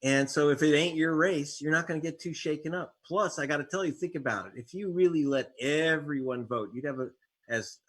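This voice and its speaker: Man, husky voice, investigative reporter guest, wry and sarcastic, storytelling. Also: medium pitch, a bit bright. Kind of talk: interview conversation.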